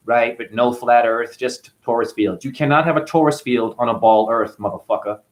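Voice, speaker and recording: A man's voice: medium pitch, normal speed, few pauses. A man hosting his own channel, delivering a combative, mocking, profane rant to camera. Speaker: channel host. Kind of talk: profane ranting monologue to camera.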